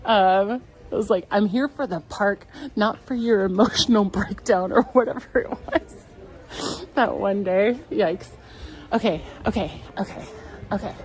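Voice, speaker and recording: A woman's voice: mid-range voice, measured pace, poor audio. A woman streaming live from a theme park, holding back tears and talking herself through her nerves with nervous laughs, on a handheld phone. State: tearful, holding back emotion. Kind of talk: casual live-stream chat. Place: outdoors in a crowded theme park. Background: crowd chatter and park music.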